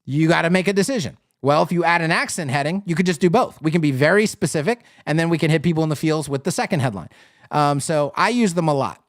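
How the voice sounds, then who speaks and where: A man's voice: fairly high pitch, animated, fast, dry recording, clean studio sound. A man hosting a live web design critique, talking casually and thinking aloud with fillers and restarts.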